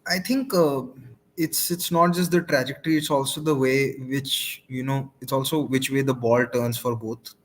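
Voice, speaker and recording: Guy explaining cricket tactics, calm and measured, normal pitch. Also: slight background noise. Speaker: cricket analyst. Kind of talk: cricket analysis chat.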